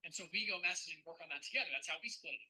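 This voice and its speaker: A man's voice: fairly high pitch, racing, pushed and bright, slightly rough, rough recording. A man, a fund manager, teaching a casual live-streamed webinar, chatty and addressing the viewers' chat.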